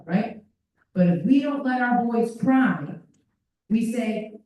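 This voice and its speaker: Expressive and warm, this woman's fairly high voice moves at a moderate pace as she presents at a parent workshop, animatedly acting out children's voices. It's a school meeting room, recorded distantly with echo.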